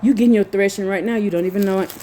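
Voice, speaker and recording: A woman's voice: medium pitch, steady tone, racing, dark tone, slight background noise. A woman preaching with fervor, scolding her listeners and reading scripture aloud. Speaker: preacher speaking to followers. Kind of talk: impassioned preaching.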